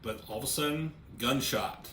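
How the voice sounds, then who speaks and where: A man's voice: mid-range voice, moderate pace, pushed and bright. A man reviewing a comic book in a casual way, walking through the pages and reading the panel lines aloud, often repeating words as he starts a thought. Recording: roomy echo, faint ambient noise.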